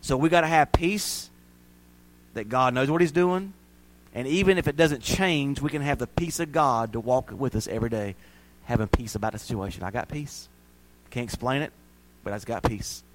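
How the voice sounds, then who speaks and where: A man preaching a sermon, telling stories and building to loud, fervent peaks. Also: medium pitch, normal speed, a little hiss or hum, low-quality recording.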